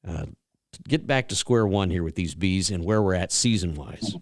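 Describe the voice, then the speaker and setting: Folksy host, dry close sound. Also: male voice, deep voice, animated, moderate pace, no room sound. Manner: folksy storyteller, rambling with many fillers. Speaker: radio show host. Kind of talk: casual radio chat.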